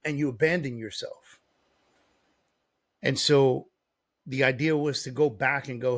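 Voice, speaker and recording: A man's voice: medium pitch, steady tone, measured pace, long pauses. A man who works as a business coach, telling a personal story as a podcast guest in a blunt, profane, sarcastic way. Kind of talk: casual storytelling.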